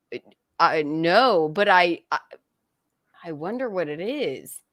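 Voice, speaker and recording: A woman guest on a comedy podcast, telling stories with animated put-on voices, laughing often and swearing. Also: fairly low pitch, takes it slowly, no echo, studio quality. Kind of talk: casual comedic chat.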